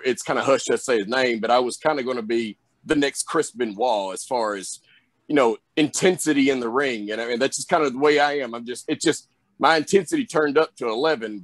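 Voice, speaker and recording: Young male guest, boastful, confident, dry close recording, middle pitch. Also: dry recording. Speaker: guest wrestler. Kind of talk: casual interview talk.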